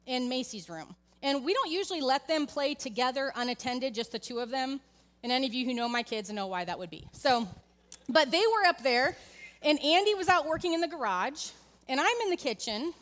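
In a church sanctuary, a woman in her thirties preaches a conversational sermon, sharing a candid family story and addressing the congregation directly. Her high voice is a bit bright and carries a big-room sound.

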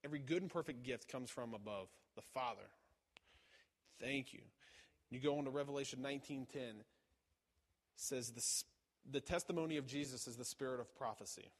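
A man's voice: medium pitch, moderate pace, pauses often. Male preacher, casual sermon delivery with fillers and restarts, echoing hall. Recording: long reverb of a large hall.

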